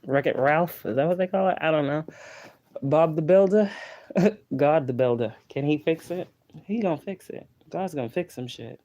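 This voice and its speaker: A man's voice: on the high side, normal speed, mellow. A man giving a casual, profane spiritual tarot reading, running through long repeated lists as he talks. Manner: loose, profane and repetitive, with chanted lists. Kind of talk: casual spiritual pep talk.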